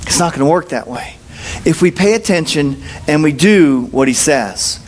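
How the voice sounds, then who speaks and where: A man's voice: a little high, expressive, normal speed, a little hiss or hum. A man preaching a sermon at a church service in a humorous, conversational way, telling stories and acting out the dialogue in changing voices. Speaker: pastor.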